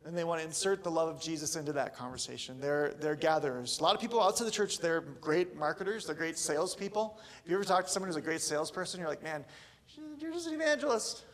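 Casual male pastor, thirties, gravelly, loose and joking sermon delivery. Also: a little high, fast, hardly any pauses.

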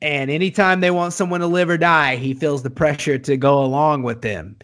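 A man in casual podcast talk whose voice sits somewhat high for a man. He rambles, restarting his sentences and filling them with "like". He laughs easily along the way. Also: brisk, fairly bright tone. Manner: rambling, full of likes and restarts, laughs often. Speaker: podcast co-host. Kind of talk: casual chat.

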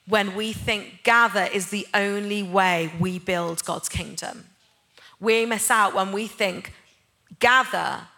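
A woman preaches to a church gathering in a bright, crisp voice. Her delivery is personal and conversational, and at times it builds into impassioned, emphatic appeals. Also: mid-range voice. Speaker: church speaker, head of a neighbour-love ministry. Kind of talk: sermon.

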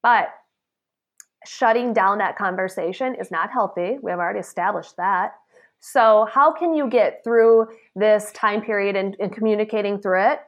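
A woman in the salon business gives an earnest motivational talk to camera, her voice sitting at an ordinary middle pitch. She speaks in a chatty, animated way, checking in with the listener through "okay?" and "right?" and acting out the lines she quotes. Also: normal speed, highs cut off. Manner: animated, acts out quoted remarks. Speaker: salon professional sharing advice.

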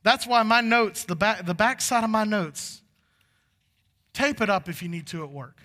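High, bright-voiced preacher in a reverberant hall. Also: male voice, moderate pace. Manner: folksy, conversational preaching that builds to fervent. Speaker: pastor. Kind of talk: sermon. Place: church sanctuary.

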